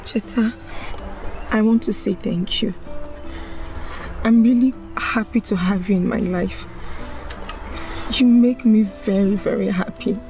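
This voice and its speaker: An actress playing a cheerful young student with a Nigerian accent, excitable and grateful. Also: female voice, mid-range voice, unhurried, pauses often, soft background music, close to an everyday voice. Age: young adult.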